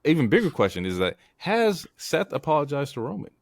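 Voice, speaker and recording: A man's voice: a little high, big pitch swings, brisk, gravelly, no room sound. A man co-hosting a casual wrestling podcast, asking questions and chiming in. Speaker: podcast co-host. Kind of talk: casual wrestling recap chat.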